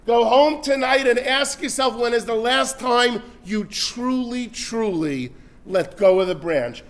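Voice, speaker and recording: High-voiced rabbi giving a lively lecture. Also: male voice, a little slow. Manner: animated, builds to loud urgent peaks then drops soft; sprinkles religious terms into plain talk. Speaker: rabbi lecturing at a parenting event. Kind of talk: storytelling lecture. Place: synagogue hall before an audience.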